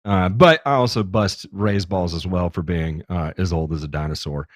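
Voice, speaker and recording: A man's voice: low-pitched, normal speed, no room sound. A man hosting a podcast in casual chat, joking and teasing his guests and swearing freely. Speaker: podcast host.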